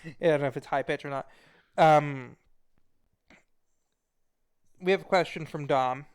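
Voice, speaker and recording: A man's voice: fairly high pitch, unhurried, clean tone. A man hosting a casual interview talk show, joking and playfully rude.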